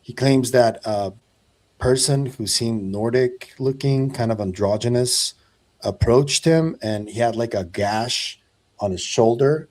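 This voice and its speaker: A man's voice: mid-range voice, unhurried, a little mellow. A man who reports on UFO cases, talking casually on a podcast and hesitating often with fillers.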